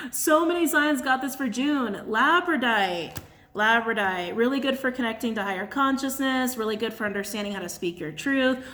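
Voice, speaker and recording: A woman's voice: fairly high pitch, a bit bright. A woman doing a casual channeled tarot and crystal reading to her camera, chatty and blunt, laughing often.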